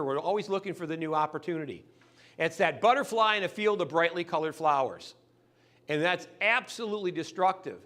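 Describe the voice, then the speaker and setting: A man giving a sales training talk, animated and acting out customers' lines in quick voices. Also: high voice.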